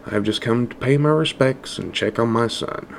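A man's voice: mid-range voice, normal speed, gravelly, a little hiss or hum, voice pushed up, close to an everyday voice. A man voicing a smug, callous estranged father who talks with mocking amusement.

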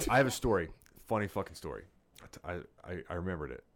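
A man's voice: low voice, a little fast. Profane man telling a story. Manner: profane, animated anecdote-telling. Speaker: podcast co-host. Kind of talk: casual storytelling chat.

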